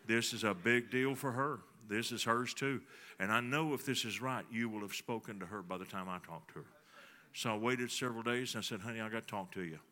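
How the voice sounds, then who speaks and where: Bright-voiced preacher telling a story. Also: male voice, mid-range voice, fairly quick. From Texas. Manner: folksy storytelling, talks to the congregation. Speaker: pastor. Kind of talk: sermon.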